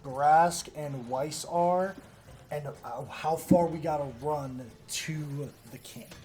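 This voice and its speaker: A man's voice: on the high side, slow, warm tone. A man playing in a tabletop role-playing game, asking questions about the game world in casual chat. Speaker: player.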